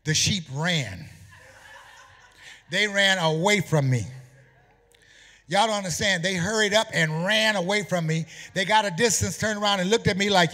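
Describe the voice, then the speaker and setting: A male pastor preaching a sermon in a church, emphatic and animated, sometimes half-singing his phrases. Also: sits high, moderate pace, in a large hall. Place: church sanctuary.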